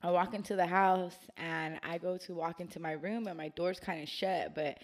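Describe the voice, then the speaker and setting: A woman's voice: fairly low pitch, fairly even intonation, normal speed. Young woman, podcast co-host, slangy storyteller with lots of swearing, casual chat.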